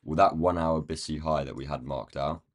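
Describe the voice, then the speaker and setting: A man with a croaky, rough-sounding voice, thinking aloud in casual commentary as he marks up trading charts on a live stream. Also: rumbling low, fairly even intonation, normal speed. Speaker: day trading livestream host.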